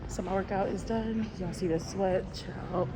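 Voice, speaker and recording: A woman talking casually to her viewers in a relaxed, rambling vlog, narrating what she is doing as she goes. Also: mid-range voice, a little slow, very noisy. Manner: chatty, talks straight to viewers, relaxed and rambling. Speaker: lifestyle vlogger. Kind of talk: casual vlog chat to camera.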